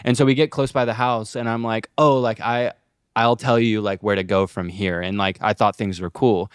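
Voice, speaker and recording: A man's voice: fairly low pitch, moderate pace, clean tone, no room sound, clean studio sound. A young man co-hosting a podcast, telling a story in casual chat, swearing freely and acting out the people he quotes. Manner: animated, swearing, acts out quotes. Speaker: podcast co-host.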